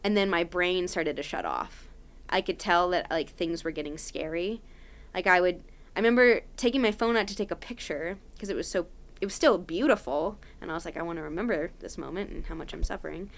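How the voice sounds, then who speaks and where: A woman's voice: fairly low pitch, animated, normal speed. A young adult woman, a podcast guest, telling a story casually and animatedly with lots of "like" fillers.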